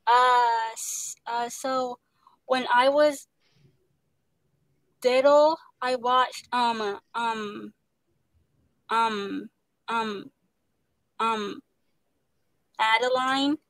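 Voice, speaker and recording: In a low-quality, echo-free recording, a young woman with a somewhat high voice chats casually as an interview guest about her acting work. Her speech is marked by a heavy stutter, lots of fillers, and repeated words.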